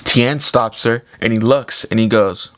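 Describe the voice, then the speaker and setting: A man reviewing a movie in a casual, excited retelling full of "like". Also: mid-range voice, unhurried. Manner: excited retelling, heavy use of 'like'. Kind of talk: casual spoken film review.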